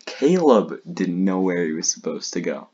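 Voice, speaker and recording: A man's voice: sits low, sing-song, normal speed, mellow, breathy edge, dull audio. A young man casually commenting on his old videos, chatty and laughing, rambling through explanations with lots of fillers. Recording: noisy recording.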